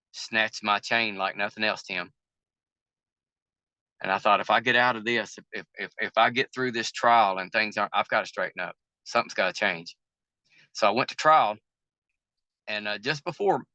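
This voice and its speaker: An older Southern American man telling his life story in an interview, his voice low-pitched and bright with a forceful edge. He talks in a folksy, plain-spoken way and plays out the other people's lines as he recounts them. The sound is close and dry. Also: no echo. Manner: folksy, plain-spoken storyteller who acts out quoted dialogue. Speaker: river boat captain, interview guest.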